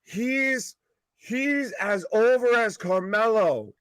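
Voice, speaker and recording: A man co-hosting a live wrestling reaction stream, excitable and profane, his voice going hoarse. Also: high-pitched, slow pace, no echo, studio quality. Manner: excitable, profane, calls the action. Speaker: wrestling co-host.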